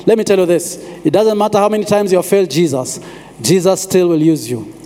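High-voiced pastor preaching in a hall. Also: male voice, mellow. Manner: preaching with pauses and repeated phrases. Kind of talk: sermon. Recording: long hall reverb.

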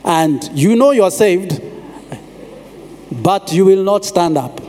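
A man preaching a sermon as pastor, pausing and repeating phrases for emphasis. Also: high voice, expressive, darkish tone, a little hiss or hum. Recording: long hall reverb.

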